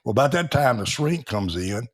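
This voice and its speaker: A man's voice: medium pitch, very animated, normal speed. A man, a Navy veteran guest telling folksy stories in a podcast interview and laughing as he acts out the people in them. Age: 70s.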